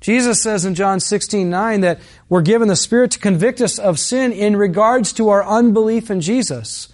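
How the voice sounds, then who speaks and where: Male pastor, high voice, earnest conversational sermon delivery with emphatic swells. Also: moderate pace, darkish tone. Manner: earnest, conversational storytelling, rising to emphatic peaks.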